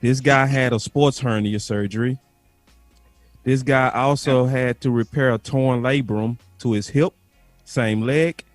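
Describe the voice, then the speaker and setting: A man's voice: medium pitch, fairly even intonation, unhurried, no room sound, soft background music. A man hosting a sports podcast, playfully acting out a mock office scene as he quizzes a coach. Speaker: podcast host. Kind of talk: casual sports talk, playing out a scenario.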